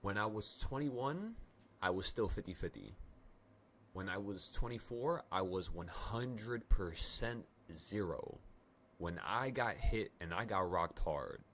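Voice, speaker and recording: A man's voice: on the low side, expressive, slow pace, a bit bright, a little hiss or hum. A man in his twenties, a trading streamer telling a story in casual livestream talk, stammering and swearing as he goes.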